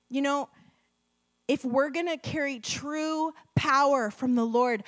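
Woman preacher, lively storytelling sermon, drops to near-whispers for emphasis. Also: sits high, slow. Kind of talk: sermon with testimony.

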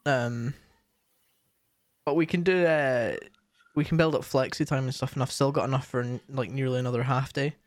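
A man's voice: medium pitch, fairly even intonation, moderate pace, no echo. Rambling young man, dry mic. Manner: rambling, frequent fillers and restarts. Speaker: streamer and co-host. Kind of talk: casual chat.

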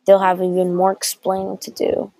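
A woman's voice: medium pitch, monotone, normal speed, vocal fry, warm tone, slight background noise, low-quality recording. A young woman telling a made-up story aloud, rambling with restarts and acting out the dialogue.

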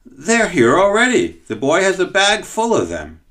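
A man voicing a rough, brusque palace servant who gives gruff commands. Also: sits high, wildly swooping pitch, moderate pace, fairly bright tone, voice pushed up, heavily acted.

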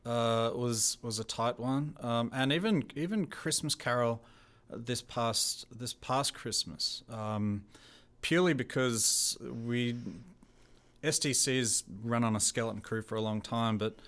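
A man's voice: medium pitch, a little slow, a bit bright. A man who works as a theatre carpenter and sound operator, speaking in a casual interview with many fillers and restarts. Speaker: theatre technical director and carpenter.

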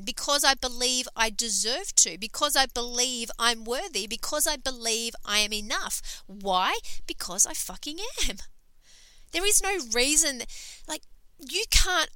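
A woman's voice: on the high side, sharp tone, smooth, no room sound, rough recording. A woman hosting a podcast, talking in an emphatic, sweary, casual motivational monologue full of fillers. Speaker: podcast host and coach.

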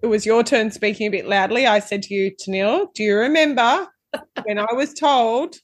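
A woman's voice: fairly high pitch, normal speed, no room sound. A woman co-hosting a podcast, teasing her friend in a chatty, storytelling way. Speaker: podcast co-host. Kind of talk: casual chat.

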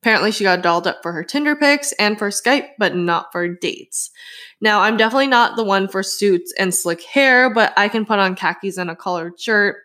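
A woman's voice: mid-range voice, a little fast, sharp tone. A woman co-hosting a casual podcast, reading listener stories aloud with chatty asides and frequent laughs. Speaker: podcast co-host. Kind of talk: casual chat and story reading.

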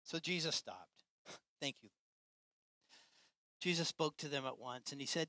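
A man preaching a sermon to his church with passion, swinging between loud, emphatic lines and quiet, hushed ones. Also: fairly high pitch, a little slow, pauses often, no echo. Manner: impassioned, swinging from loud to soft. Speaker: pastor.

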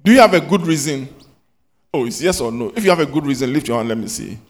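Animated man quizzing a class. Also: medium pitch, quick pace. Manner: animated, scolding, rising to loud questions. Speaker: Sunday school teacher.

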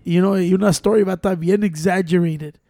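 A man's voice: high-pitched, steady tone, fast, gravelly, dark tone, dry recording, studio quality. A man chatting casually on a podcast, laid-back and profane, dropping in bits of Spanish. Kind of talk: casual chat.

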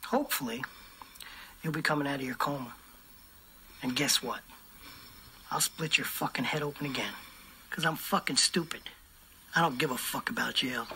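An actor playing a volatile, middle-aged mobster who hurls profane threats, heard in a film clip. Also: male voice, medium pitch, moderate pace, long pauses. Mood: cold menace. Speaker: film character. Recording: film clip with loud background noise.

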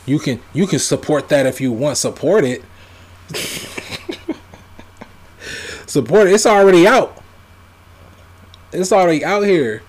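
A man giving a ranting commentary, emphatic and repetitive, firing off rhetorical questions. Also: medium pitch. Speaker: vlogger.

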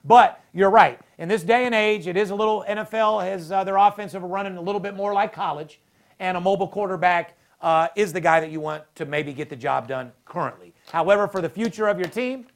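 High-voiced guy hosting a sports betting podcast, swearing a lot, super hyped. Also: fairly quick, vocal fry. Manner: brash, profane, hyped. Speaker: podcast host. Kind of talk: casual sports betting talk.

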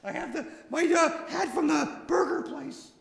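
A man voicing a jittery, excited teenage fast-food worker who gushes and gets flustered, heard in an echoey room. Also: vocal fry, exaggerated voice. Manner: squeaky, gushing, flustered. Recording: echoey roomy recording.

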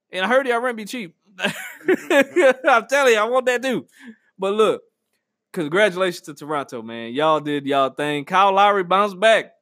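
A high-voiced man hosts a podcast in a loose, comedic monologue. He slips into acted-out quotes and laughter. The recording is bone-dry, with no room sound. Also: moderate pace, no echo. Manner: animated, slangy, acts out quotes with laughter. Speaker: podcast host.

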